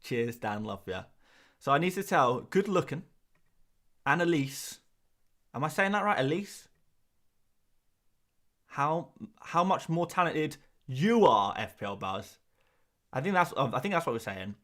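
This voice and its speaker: Brief: male stream host, casual and jokey, bright voice. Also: on the high side, animated, unhurried, long pauses. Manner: jokey, laughs often, reads chat aloud. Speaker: fantasy football livestream host. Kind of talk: casual livestream chat.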